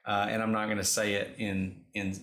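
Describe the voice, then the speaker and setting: A man's voice: fairly low pitch, level tone, normal speed, fairly bright tone, reverberant. A man co-hosting a casual talk show, reflective and thinking aloud with many fillers. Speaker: podcast co-host. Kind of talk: casual chat.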